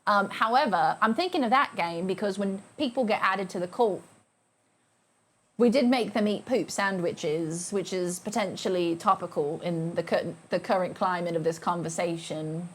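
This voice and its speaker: A woman's voice: lowish voice, moderate pace. A young woman streaming live, chatting casually and playfully with her viewers and thanking them by name.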